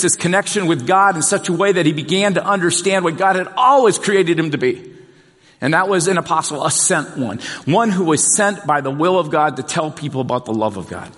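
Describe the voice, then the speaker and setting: A male pastor delivers an earnest sermon, leaning into key points and repeating them slowly for weight. His voice sits slightly high. A long reverb from the large hall trails every phrase. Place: church sanctuary.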